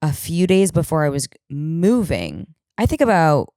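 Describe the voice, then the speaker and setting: A woman in her thirties with a low, dusky voice tells a comedic story on her podcast. She is animated and self-mocking, drops swear words freely, and keeps shifting into quoted voices. The sound is close and dry, with no room around it. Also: a little slow, smooth, dry recording. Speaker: podcast host.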